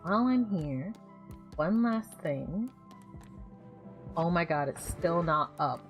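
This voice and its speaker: A woman's voice: lowish voice, expressive, slow pace, faint music behind. A woman streaming a game with wry, joking commentary. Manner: wry, joking, sings silly bits. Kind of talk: casual gameplay commentary.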